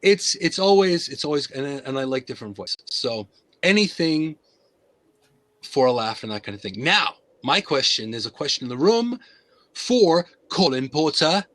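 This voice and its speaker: A man's voice: a little high, big pitch swings, normal speed, fairly bright tone. Playful man in a fake British accent. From United States. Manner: playful storyteller, slips into put-on voices. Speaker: host. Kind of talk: casual live-stream chat.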